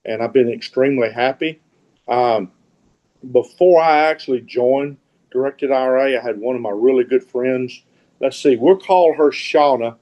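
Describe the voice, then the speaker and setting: A man's voice: medium pitch, normal speed, highs cut off. A middle-aged man from Mississippi with a Southern accent, giving a folksy, rambling and informal webinar talk as a guest speaker, often repeating words and restarting sentences. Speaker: guest speaker, real estate investor.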